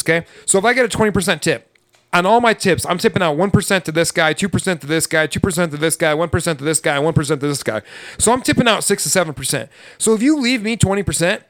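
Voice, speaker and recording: A man's voice: high-pitched, fairly bright tone, no echo, clean studio sound. A man who hosts a podcast and works as a server, chatting casually in a blunt, profane, ranting way. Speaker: podcast host and restaurant server. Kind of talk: casual chat.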